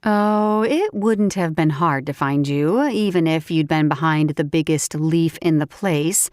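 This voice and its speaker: A woman voicing a playful, teasing young female shifter friend in an audiobook, pitching her voice a little lower. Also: a little slow, a little mellow, no echo, clean studio sound.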